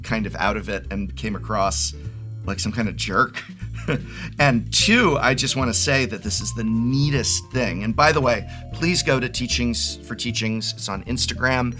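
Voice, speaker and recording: Bright-voiced excited man in his forties. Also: medium pitch, moderate pace, faint music behind. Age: 40s. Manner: enthusiastic and rambling, with frequent restarts. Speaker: card game video host. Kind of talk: excited unboxing chat.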